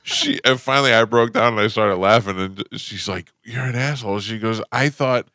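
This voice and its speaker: A man hosting a morning radio show, telling stories in casual banter and jumping high in pitch when he quotes people. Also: normal speed, dry recording, studio quality. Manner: animated storyteller, jumps up high when quoting people. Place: radio studio. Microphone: studio microphone.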